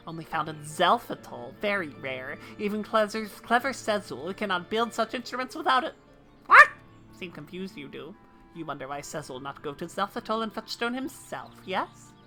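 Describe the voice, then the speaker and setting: A woman voicing a gruff male bird-man crafter who speaks in inverted, broken word order, reading game dialogue aloud in character. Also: fairly low pitch, sharp tone.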